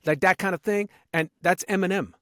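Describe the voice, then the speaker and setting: A man guesting on a podcast as a voice actor, talking in an animated way and slipping into quick voices. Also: high voice, no echo, clean studio sound. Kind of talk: casual podcast conversation.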